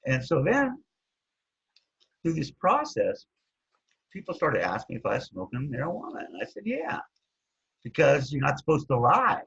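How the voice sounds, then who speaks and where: A man with a husky voice casually telling his recovery story, rambling and looping back with "anyways", on a dull lo-fi recording. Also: a little high, sing-song, normal speed, long pauses, a bit bright. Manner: rambling, keeps saying anyways.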